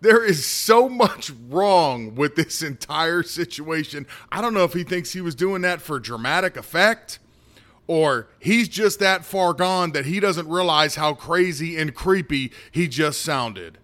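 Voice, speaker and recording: A man's voice: a little high, lively intonation, measured pace, a bit bright. A man hosting a political commentary show, talking casually in a sarcastic, mocking way.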